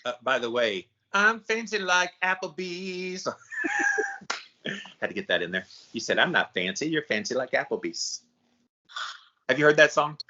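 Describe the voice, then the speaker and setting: A man co-hosting a podcast in casual chat, supportive and chatty with quick asides. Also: medium pitch, bright, forceful tone, highs cut off. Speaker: podcast co-host.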